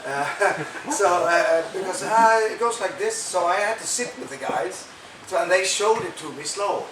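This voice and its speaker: A man's voice: sits high, normal speed. A male guitarist telling a story on a panel in a joking, self-mocking way and swearing freely. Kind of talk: panel discussion. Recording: echoey room, distant mic, loud noise.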